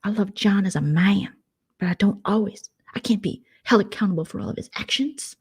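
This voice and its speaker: A woman's voice: mid-range voice, brisk, a little mellow, breathy edge, pitched above the performer's own voice. A woman voicing a placating, condescending woman who brushes off complaints. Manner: dismissive, condescending. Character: placating woman defending a man.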